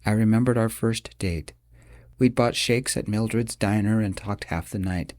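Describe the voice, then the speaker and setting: A man reads a first-person audiobook in a low voice. His storytelling is steady and measured. The recording is dry and close, with no room sound. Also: dry recording. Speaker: audiobook narrator. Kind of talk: audiobook narration.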